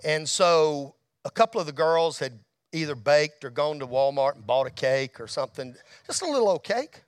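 A middle-aged man telling a testimony story in a church, folksy, dropping to a hush and rising to shouts. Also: a little high, animated, normal speed, no room sound, clean studio sound. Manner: folksy storyteller, drops to a hush at tender moments, rises to shouts. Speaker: motorcycle ministry speaker. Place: church hall.

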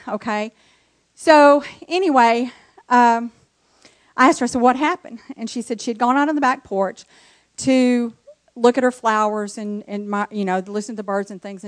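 A woman's voice: fairly high pitch, no room sound. A woman from the congregation telling an emotional personal testimony. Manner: emotional, storytelling. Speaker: church member giving testimony.

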